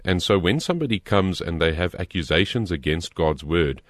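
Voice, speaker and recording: A man with a very low voice answers a listener's question and teaches from the Bible in an earnest, measured way. He reads the scripture passages aloud, with small restarts along the way. The sound is dry and close, with no room echo. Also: expressive.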